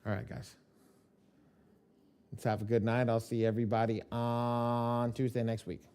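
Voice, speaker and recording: A man acting as software trainer, speaking casually and in slang straight to the viewers of a live online class. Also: mid-range voice, monotone, moderate pace, smooth.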